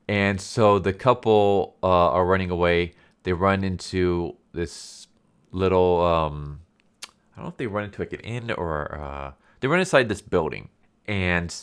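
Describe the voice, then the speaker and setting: Deep-voiced man recapping a movie. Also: fairly bright tone, smooth. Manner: rambling, lots of fillers and restarts, amused. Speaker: movie reviewer. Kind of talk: casual plot recap.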